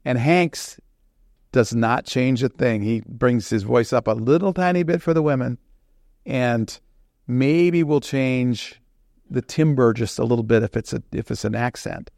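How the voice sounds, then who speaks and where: A man who writes fiction, giving an informal talk on the writing craft in an unhurried, conversational way. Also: medium pitch, gravelly, darkish tone, no echo, clean studio sound. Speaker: fiction author.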